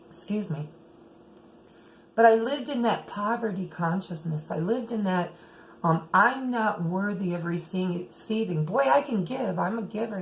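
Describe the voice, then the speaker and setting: Gravelly-voiced woman reading tarot. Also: medium pitch, a little mellow, slight background noise, rough recording. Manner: chatty, says okay often, laughs. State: throat a bit rough. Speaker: tarot reader. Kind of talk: casual tarot reading monologue.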